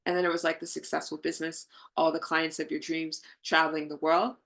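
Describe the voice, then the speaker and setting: A woman's voice: deep voice, level tone, a little fast, vocal fry, fairly bright tone. A woman leading a live online healing session, talking to her viewers in an effusive, affirming way. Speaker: spiritual healing coach.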